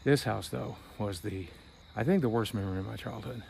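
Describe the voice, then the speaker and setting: A man's voice: fairly low pitch, a little fast, creaky, a little mellow, a little hiss or hum. A middle-aged man vlogging a tour of his hometown, telling candid stories in a wry, conversational way. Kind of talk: casual storytelling. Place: outdoors at night.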